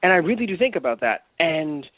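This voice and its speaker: A man co-hosting a casual podcast talks a little fast in a slightly high voice with big swings in pitch. He rambles, using lots of fillers and restarts, over a dry, tinny, phone-like recording.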